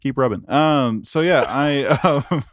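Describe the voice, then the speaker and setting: A man's voice: mid-range voice, unhurried, no echo. Young guy rambling thru stories on a podcast, easy mid voice, dry mic. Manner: rambling, laughing storyteller. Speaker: podcast co-host. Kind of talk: casual chat.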